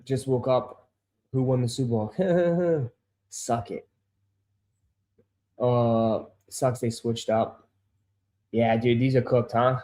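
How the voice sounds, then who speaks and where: A man hosting a casual sneaker livestream who swears, gets easily frustrated and calls his viewers bro and dude, turning loud and insistent when he makes a point. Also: medium pitch, fairly even intonation, takes it slowly, pauses often. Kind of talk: casual live-stream chat. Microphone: desk microphone.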